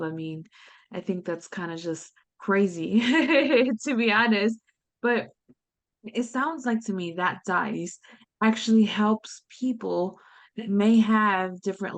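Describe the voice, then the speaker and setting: A woman's voice: medium pitch, gravelly. A woman hosting an interview podcast, reflective and casual, with lots of "you know" and "to be honest.". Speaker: podcast host. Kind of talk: conversational interview.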